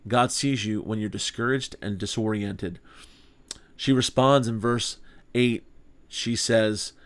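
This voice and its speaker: A man's voice: on the low side, steady tone, slow. A man teaching a small group Bible study in an earnest, conversational way, asking rhetorical questions.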